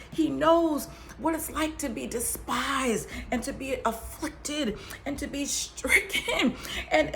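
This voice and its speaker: Woman doing heartfelt faith talk, swings high and low, gravelly, little hiss behind. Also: a bit bright. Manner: emphatic, drops to whispers, laughs between phrases. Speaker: survivor sharing testimony.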